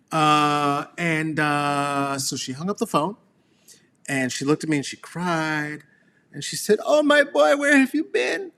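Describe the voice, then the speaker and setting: Slow, reflective man telling a story outdoors. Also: medium pitch, fairly bright tone. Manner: slow, wandering, with laughs and fillers. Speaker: host. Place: outdoors beneath a tree.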